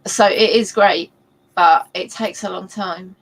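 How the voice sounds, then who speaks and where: A woman's voice: lowish voice, fairly even intonation, measured pace, vocal fry, low-quality recording. A woman co-hosting a writing livestream, rambling and explaining step by step with many ums. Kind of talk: casual livestream chat.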